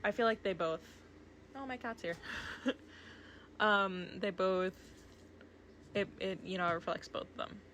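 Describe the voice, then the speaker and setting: A woman's voice: mid-range voice, unhurried, pauses often, a bit bright, a little hiss or hum. Gushing chatty young woman. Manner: gushing, chatty, lots of fillers. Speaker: art vlogger. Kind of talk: casual rambling commentary while drawing. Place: home desk with her cat. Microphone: desk microphone.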